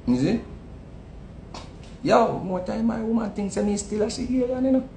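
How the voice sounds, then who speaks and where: A man with a Jamaican accent giving a casual, animated commentary, often repeating words and swinging between loud outbursts and low asides. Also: normal speed, gravelly. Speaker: online commentator. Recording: echoey room with faint rumble.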